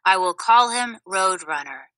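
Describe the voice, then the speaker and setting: Woman reading as a calm wise desert spirit, slow, bright tone, storybook. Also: medium pitch, dry recording, rough recording.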